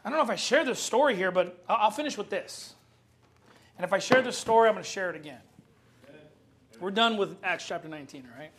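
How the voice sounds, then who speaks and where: A high-pitched man preaching with fervent emphasis. He swings between loud declarations and a relaxed, conversational storytelling voice from the pulpit. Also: fast, long pauses. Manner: fervent preaching, shifting to a low chatty storytelling tone. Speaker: pastor. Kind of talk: sermon.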